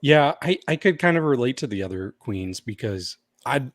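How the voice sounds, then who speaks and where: A man talks easily and openly on a podcast, his voice at a middle pitch. The sound is close and dry, with no room echo. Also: lively intonation, normal speed. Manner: easygoing and candid, with fillers. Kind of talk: casual podcast chat.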